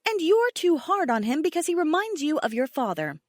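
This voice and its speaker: A proud dragon queen, indignant and sharp-tongued, her voice climbing high and loud, as a woman narrator acts her out. The pitch swings widely as she scolds. The read is dry and close. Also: sing-song, a little fast, no echo.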